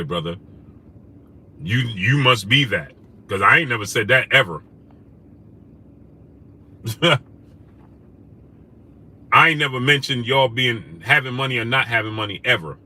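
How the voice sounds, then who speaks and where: A man hosting a live stream, greeting viewers and firing back at comments in a combative way. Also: medium pitch. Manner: combative, rising to loud indignant questions; greets chat viewers by name. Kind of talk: livestream chat reading comments.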